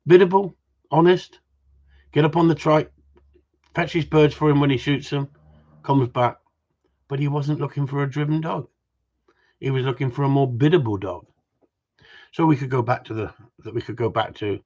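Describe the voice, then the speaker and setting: A man's voice: mid-range voice, moderate pace, long pauses, a little mellow, lo-fi sound. A man, a gundog trainer chatting casually on a livestream, blunt and opinionated and given to repeating himself.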